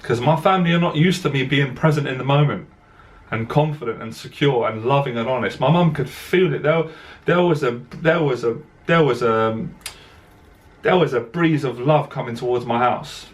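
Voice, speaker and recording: A man's voice: medium pitch, normal speed. A man, a dating coach, telling a personal story to camera in an earnest, direct way, repeating himself as emotion catches in his voice.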